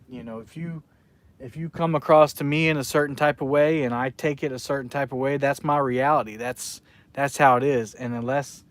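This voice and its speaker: A man's voice: medium pitch, a bit bright. Man, from South Carolina, fishing live stream, casual chat, rambling, talks to chat, outdoors by the water.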